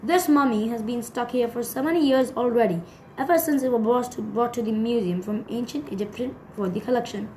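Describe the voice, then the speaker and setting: Woman reading tubby teasing old professor, unhurried, a bit high, echoey room, storybook. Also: dark tone, slight background noise, natural voice.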